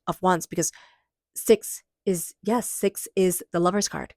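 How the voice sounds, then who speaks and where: A woman's voice: on the low side, fairly even intonation, measured pace, no echo, clean studio sound. Emotional, earnest woman reading tarot. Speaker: tarot reader.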